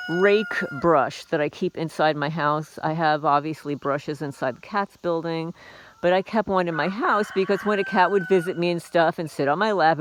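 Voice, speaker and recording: Slight background noise from crowing roosters and clucking hens accompanies a woman with a lower voice, vlogging outdoors by a chicken coop on her small homestead. In this casual walk-and-talk she rambles with an aggrieved tone and wry asides.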